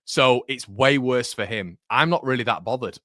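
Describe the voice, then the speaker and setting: A man's voice: mid-range voice, moderate pace, no room sound, studio quality. Chatty male football watchalong host. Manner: chatty, addresses viewers as mate, loud bursts of excitement at goals. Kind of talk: live match reaction chat with viewers. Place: home room.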